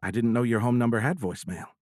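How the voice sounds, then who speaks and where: A man's voice: mid-range voice, quick pace, no room sound, clean studio sound, natural voice. A male audiobook narrator voicing a fiercely independent, playful woman who is a fighter pilot. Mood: affectionate. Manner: playful, teasing.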